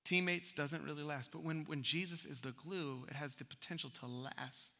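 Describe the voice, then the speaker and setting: A man preaching from the pulpit with a very bright, forceful, high-pitched voice. He talks to the congregation like a friend, joking and slipping into little acted voices. His words ring out with a long church-hall reverb from a live recording. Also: moderate pace, vocal fry. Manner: animated storyteller who acts out voices; humorous, conversational preaching. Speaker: pastor. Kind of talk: sermon. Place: church sanctuary.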